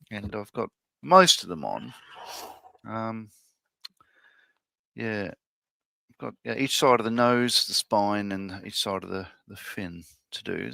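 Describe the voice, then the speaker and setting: A man talks easily while building a model on a live stream, musing aloud and reading out viewer comments. His voice has a gravelly edge and a bright tone. The sound is dry and close. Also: lowish voice, no room sound. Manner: relaxed, thinks aloud, reads viewer comments out.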